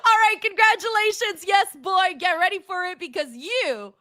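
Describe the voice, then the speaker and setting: A young adult woman hosting a casual livestream, reading out viewer messages in an excitable way, laughing often and swearing freely. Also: very high voice, moderate pace, few pauses. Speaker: livestream host. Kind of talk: casual watch-along chat, reading viewer donations.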